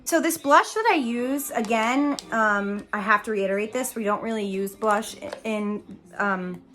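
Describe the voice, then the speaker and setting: Walking through her makeup routine, a young Broadway actress keeps things chatty, laughing at herself and giggling along the way. She speaks at medium pitch, a little slowly, with a slightly bright tone.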